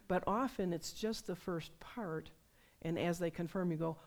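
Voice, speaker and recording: A woman preaching a sermon, telling personal stories in a conversational, animated way. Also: fairly low pitch, normal speed, hardly any pauses. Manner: conversational, animated storytelling with laughs.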